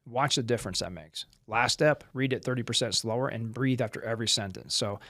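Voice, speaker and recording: A man's voice: medium pitch, brisk, hardly any pauses, bright, forceful tone, no echo, studio quality. A middle-aged man from the United States, a former Marine and trainer, talking bluntly and intensely in a casual interview, swearing and acting out dialogue as he tells stories. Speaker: podcast guest, former Marine and firearms trainer.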